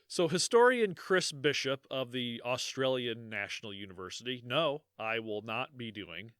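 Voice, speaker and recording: A man's voice: medium pitch, moderate pace, clean tone, no echo, clean studio sound. A man co-hosting a podcast, chatting casually and reading out a long quote, swearing freely. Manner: swears freely, laughs often; animated, swings between loud and quiet. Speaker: podcast co-host.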